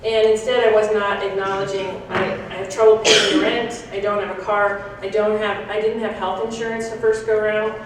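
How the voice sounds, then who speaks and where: A woman's voice: mid-range voice, level tone, moderate pace, hardly any pauses, a little hiss or hum. A woman giving a frank, reflective talk to a conference audience, with small restarts as she goes. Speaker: conference speaker. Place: large conference hall. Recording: echoey hall, picked up from a distance.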